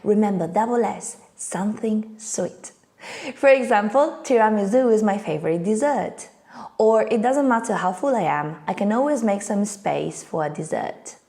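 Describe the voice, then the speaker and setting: A woman's voice: mid-range voice, lively intonation, moderate pace, warm tone. A woman, not a native English speaker, teaching an online English lesson in a playful way with little acted scenes.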